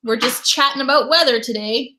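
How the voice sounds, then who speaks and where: A woman's voice: high-pitched, brisk, bright, forceful tone, slight background noise. A Canadian woman in her thirties hosting a casual live stream from home, greeting viewers and chatting about her day. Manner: chatty, reads viewer comments aloud and greets them. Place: home in winter.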